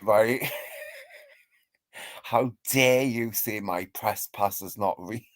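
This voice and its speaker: A man's voice: on the low side, slow pace, dry recording. A man hosting a live stream, ranting and trading insults in a mocking gossip style, laughing often.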